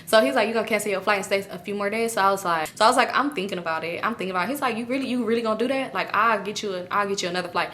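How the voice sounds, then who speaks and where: A woman's voice: mid-range voice, very fast, few pauses, a bit bright, a little hiss or hum. A young woman vlogger telling a casual storytime, animatedly acting out her friends' lines.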